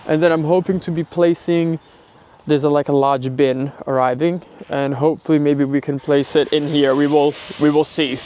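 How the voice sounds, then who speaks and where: A man chatting excitedly to his camera outdoors on his rural property, full of exclamations. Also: on the high side, normal speed, slight background noise. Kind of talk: casual vlog chat to camera. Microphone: handheld camera.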